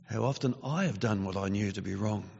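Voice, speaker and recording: A man preaching a sermon in an earnest, measured way, his voice growing forceful when he reads scripture. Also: lowish voice, gravelly, slightly rough. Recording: dull lo-fi sound with long reverb.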